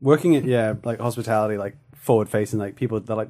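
A man from Darwin in casual chat, chatty and animated, full of fillers, acting out little quoted exchanges. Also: lowish voice, fast, hardly any pauses. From Darwin, Australia.

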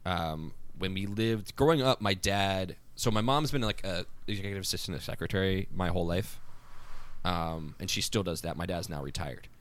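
A man with a Philadelphia accent, a podcast guest telling stories in a playful, animated way. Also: low-pitched, normal speed. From Philadelphia area. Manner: animated storyteller, playful, self-deprecating. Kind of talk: casual podcast chat.

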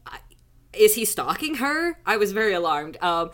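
Woman guest, podcast chat, rambling and sweary, mid pitch. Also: big pitch swings, moderate pace. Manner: chatty, swearing, lots of fillers. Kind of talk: casual podcast banter.

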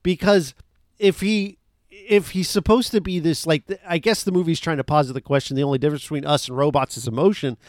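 A man's voice: fairly high pitch, fairly quick, dry recording, clean studio sound. A man co-hosting a casual film podcast, talking in an enthusiastic, rambling way with many fillers. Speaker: podcast co-host.

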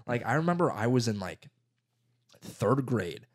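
Young dude swearing a lot telling school stories, doing little voices for people. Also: male voice, mid-range voice, a little slow. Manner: profane, animated storytelling with put-on voices. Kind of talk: casual chat.

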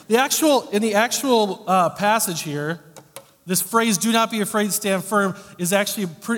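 A man delivers a sermon in a relaxed, conversational way, with wry asides. His voice sits slightly high, and he swings between punchy loud emphasis and quiet, dropped-off remarks. Long reverb trails every line. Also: a little fast. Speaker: preacher.

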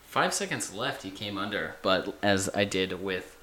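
Low-voiced chatty young podcast host, echoey. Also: male voice, expressive, a little slow, sharp tone, slight background noise. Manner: chatty, rambling, laughs at himself. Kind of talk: casual podcast chat.

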